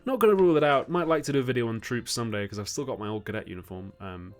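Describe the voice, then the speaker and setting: A man's voice: mid-range voice, rapid-fire, soft background music. A young man hosting a livestream, reading viewer questions and chatting in a rambling way, laughing often. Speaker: host.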